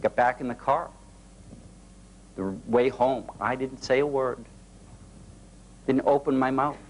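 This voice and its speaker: A man giving a motivational talk, telling personal stories in a folksy, animated way with an occasional light laugh. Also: mid-range voice, takes it slowly, slight background noise, poor audio. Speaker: motivational speaker. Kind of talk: storytelling keynote talk.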